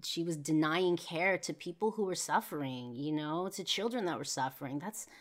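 A woman's voice: low voice, moderate pace. A young woman hosting a podcast, telling an emotional personal story in a casual way, with frequent fillers and swearing. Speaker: podcast host.

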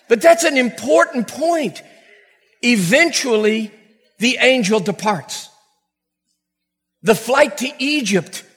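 A man's voice: high-pitched, a bit bright, big-room sound. A middle-aged man preaching a sermon to a congregation, telling stories animatedly with acted-out quotes and laughter. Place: church hall before a congregation.

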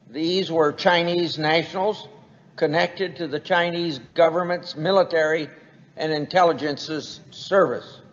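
Slow, deliberate man speaking in an echoing hall. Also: fairly high pitch. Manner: slow, deliberate, reading quotes aloud. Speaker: senator giving a speech. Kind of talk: formal prepared speech. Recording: dull, lo-fi recording in a long-reverb hall.

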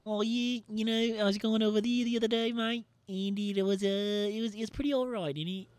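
A man's voice: sits high, fairly even intonation, brisk, smooth, no echo, pitched above the performer's own voice, lightly acted. A man doing a mock New Zealand accent as a rambling, laid-back bloke who keeps saying "mate". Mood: joking. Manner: says "mate" a lot, rambling and drawling. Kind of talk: comic accent impression.

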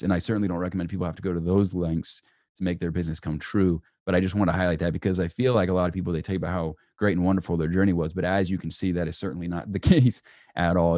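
Young male guest, very low and rapid, animated storyteller, dry close mic. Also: dry recording. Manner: animated storyteller, many "right?" asides. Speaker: entrepreneur guest. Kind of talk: storytelling in a podcast interview.

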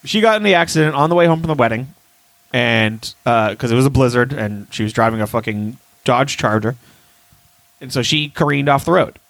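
A man's voice: mid-range voice, a little fast, no room sound, low-quality recording. A man in casual podcast chat, telling stories in a heated, profane way and acting out what others said. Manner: profane, animated storytelling with shouted re-enactments.

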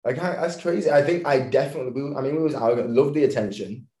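A man in his thirties from England, a professional dancer chatting as a podcast guest, relaxed and quick to laugh. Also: mid-range voice. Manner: laughs often, relaxed and easygoing. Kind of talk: casual interview chat. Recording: echoey room.

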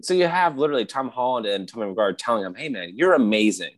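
A man in casual chat, retelling scenes excitedly with frequent laughter. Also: medium pitch, quick pace.

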